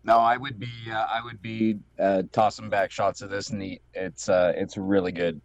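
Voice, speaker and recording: A man's voice: fairly low pitch, flat delivery, moderate pace, gravelly, muffled recording. A man co-hosting a podcast in casual chat, easygoing with frequent hesitant fillers. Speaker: podcast co-host.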